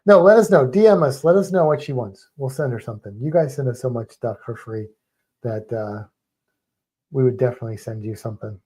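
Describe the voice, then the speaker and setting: A man co-hosting a casual livestream with a warm, mellow voice. He rambles through stories in an animated way and restarts his sentences often. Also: mid-range voice, fairly quick, breathy edge. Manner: rambling, self-interrupting, animated storytelling. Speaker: livestream co-host. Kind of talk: casual chat with viewers.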